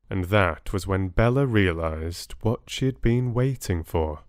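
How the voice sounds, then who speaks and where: Calm audiobook narrator, male, low and very slow, close dry mic. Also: smooth, no echo. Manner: calm, unhurried. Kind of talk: soothing bedtime story reading.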